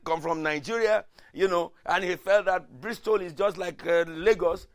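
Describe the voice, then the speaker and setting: A man preaching a sermon in a dramatic way, swinging from hushed lines to shouted ones. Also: high voice, normal speed.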